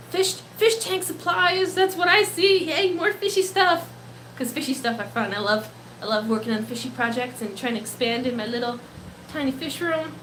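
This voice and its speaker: A woman in her twenties chatting casually on a live stream, excitable and gushing, often laughing, her voice a little worn. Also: fairly high pitch, slight background noise. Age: 20s. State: slightly losing her voice. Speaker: pet-keeping live streamer. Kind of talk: casual live stream chat, reading comments.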